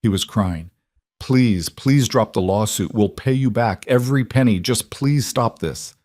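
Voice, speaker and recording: A man voicing a remorseful adult son who apologizes and begs, in a low, dry reading voice. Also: a little slow, darkish tone, dry recording, lightly acted. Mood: pleading. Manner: pleading, apologetic. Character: remorseful grown son, weak and pleading.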